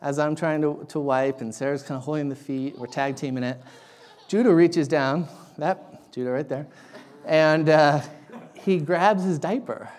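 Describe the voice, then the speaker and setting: Animated man preaching a sermon. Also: on the high side, a little slow. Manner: animated, self-deprecating storytelling with restarts. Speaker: pastor. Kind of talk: sermon with a personal story.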